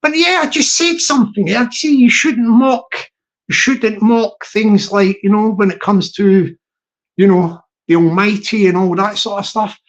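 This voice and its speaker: A man's voice: sits high, a little slow. A Scottish man live-streaming from his phone, chatting jokily in a put-on American accent and repeating his phrases. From Scotland. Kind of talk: casual live-stream chat.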